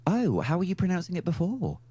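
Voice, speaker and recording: A man with an English accent hosting a podcast in casual chat, playful and quick to laugh. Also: high-pitched, slightly rough, no room sound. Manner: laughs often, lively and playful. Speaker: podcast host.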